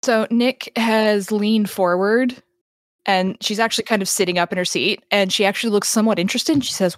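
A woman's voice: mid-range voice, fairly even intonation, a little fast, dry recording, clean studio sound. A woman acting as game master who narrates a tabletop game in a descriptive way, often restarting her sentences.

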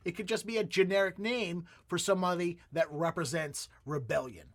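High-pitched male podcast host, chatty and rambling, casual comedic chat. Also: a little fast.

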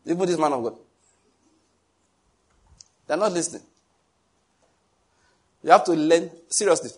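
Husky man preaching. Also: a little high, unhurried. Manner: animated, joking, pleading asides. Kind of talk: sermon.

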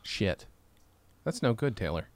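A man's voice: on the low side, big pitch swings, measured pace, no echo. A tipsy man hosting a podcast, joking and swearing in casual chat. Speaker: podcast host.

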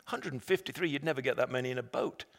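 A man preaching a sermon, retelling a story dramatically and swinging between loud, emphatic lines and hushed, quiet ones. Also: mid-range voice, fast. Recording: long reverb of a large hall.

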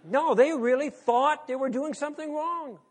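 A man's voice: very high voice, normal speed, a little hiss or hum. A man lecturing an audience in a conversational, wry way, leaning on rhetorical questions. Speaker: speaker.

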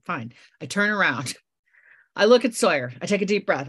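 Low-voiced woman telling a story. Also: moderate pace, breathy edge. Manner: animated storyteller. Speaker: guest author. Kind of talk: storytelling in a podcast interview.

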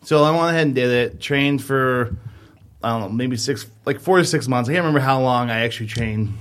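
A man's voice: medium pitch, brisk. A man in his thirties, a podcast co-host, telling a long rambling story in casual chat, full of fillers.

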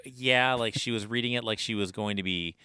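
A man co-hosting a podcast in casual chat, animated and emphatic. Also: lowish voice, brisk, clean tone, no echo, clean studio sound. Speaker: podcast co-host.

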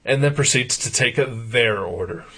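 A man co-hosting a podcast, telling a profane story in casual chat and getting loud as he retells his anger. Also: medium pitch, measured pace, breathy edge. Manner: profane ranting anecdote, gets loud when retelling anger. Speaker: podcast co-host.

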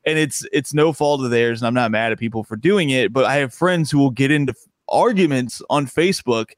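A man's voice: mid-range voice, brisk, no echo. Rambling, laughing male comedian. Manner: rambling, self-interrupting, laughs often. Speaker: stand-up comedian guest. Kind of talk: casual podcast interview.

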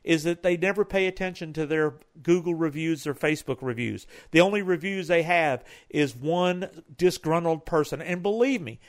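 A man's voice: a little high, normal speed, hardly any pauses. A man co-hosting a talk, giving business advice in a rambling, loosely built way. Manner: rambling, with many restarts and fillers.

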